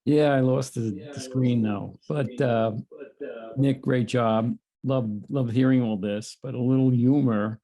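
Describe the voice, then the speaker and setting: A man in a meditation group, joking gently on a video call, in a halting way. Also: medium pitch, fairly even intonation, crowd noise. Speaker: group member. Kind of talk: casual video call chat.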